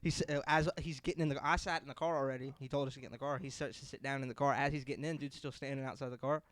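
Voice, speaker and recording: A man's voice: mid-range voice, rapid-fire, no room sound. A young man on a podcast telling a family story in casual chat, acting out the people he quotes. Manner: animated storyteller, acts out quotes loudly. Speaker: podcast co-host.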